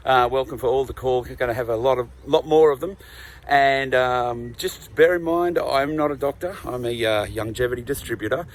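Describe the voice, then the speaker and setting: A man with an Australian accent introducing a group call, talking in a relaxed, friendly way with plenty of fillers. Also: mid-range voice, a little hiss or hum. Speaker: host. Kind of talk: casual promotional intro and call hosting.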